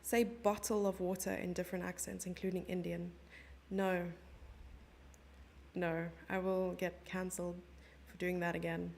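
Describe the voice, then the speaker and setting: A woman's voice: fairly low pitch, flat delivery, unhurried, vocal fry, darkish tone, slight background noise. A young South African woman commentating a chess stream live and chatting with her viewers in a giggly, casual way. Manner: chatty, giggly, reads chat messages aloud.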